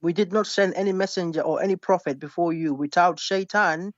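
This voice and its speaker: A man's voice: high-pitched, fairly quick, dry recording, dull audio. A man as a guest in a heated online debate on religion, polite but insistent, repeatedly asking to explain his point.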